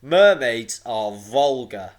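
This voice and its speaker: A man voicing a wicked ancient stony island monster in a storybook, booming, slow and snooty. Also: animated. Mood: sneering.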